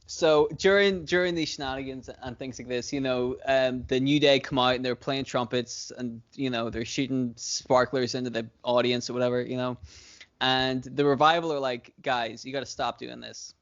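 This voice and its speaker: Male podcast co-host, mid-pitched, rambly and profane, laughs a lot; dull lo-fi recording. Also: steady tone, moderate pace, smooth. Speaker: podcast co-host booking wrestling shows. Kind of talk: casual chat.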